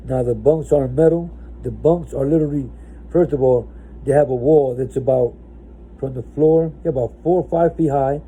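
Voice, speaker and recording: A man from New Jersey casually tells his own story, rambling with many restarts and tossing in "right?" often. His medium-pitched voice is slightly rough and moves at normal speed, with narrow, tinny audio.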